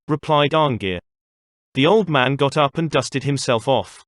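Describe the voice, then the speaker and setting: Steady male audiobook narrator. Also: medium pitch, measured pace, no echo, studio quality. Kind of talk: scripted narration.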